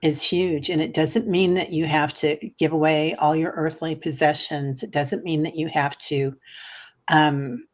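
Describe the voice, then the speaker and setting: Low-pitched woman psychic guest, chatty and animated, on a dull remote feed. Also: unhurried. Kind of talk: livestream conversation.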